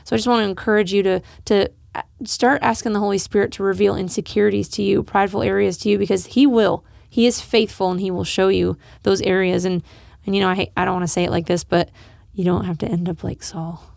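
A woman's voice: mid-range voice, fairly even intonation, quick pace, creaky, darkish tone, no room sound, studio quality. A woman co-hosting a casual Bible study chat, earnest and encouraging, laughing often. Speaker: podcast co-host discussing scripture.

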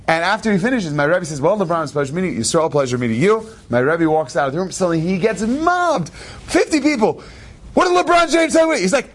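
A man telling an inspirational story in an animated, quick way, with asides and laughs. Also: on the high side. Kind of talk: storytelling talk.

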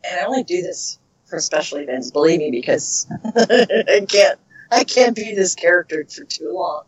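A middle-aged voice actress chatting in an interview, laughing often and searching for words. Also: female voice, on the low side, lively intonation, moderate pace, husky. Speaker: voice actress, guest. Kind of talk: casual interview chat. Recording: dull lo-fi recording.

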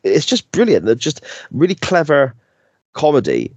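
A man's voice: on the high side, wildly swooping pitch, normal speed, a little mellow, breathy edge, no room sound. A man hosting a podcast, rambling through sitcom scenes with hesitant restarts. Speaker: podcast host. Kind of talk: casual chat.

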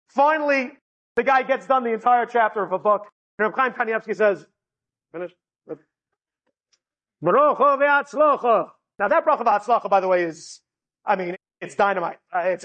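A man's voice: very high voice, a bit bright. A man telling a personal story to an audience with humor and energy, laughing often. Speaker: inspirational speaker.

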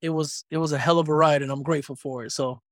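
A man in his thirties talks through his story as a podcast guest, animated and casual, pausing on plenty of ums. His voice sits a bit high for a man. The sound is dry and close, with no room around it. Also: no echo. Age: 30s.

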